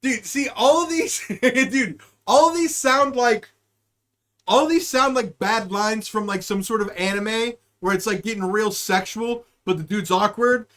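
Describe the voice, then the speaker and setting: A young man with a strikingly high-pitched voice, hosting a live stream and talking straight to his chat. He rambles and jokes, swears freely and hops from one word association to the next. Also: measured pace, a bit bright. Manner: rambling, joking, profane, riffing on word associations. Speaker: podcast host and streamer.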